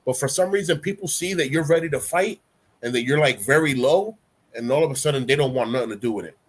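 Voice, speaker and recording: A man's voice: medium pitch, fast talker, slightly rough. Laid-back man hosting a live stream. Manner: relaxed, rambling, heavy use of "you know"; instructive, coaching tone. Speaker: livestream talk show host. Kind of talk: casual live-stream chat.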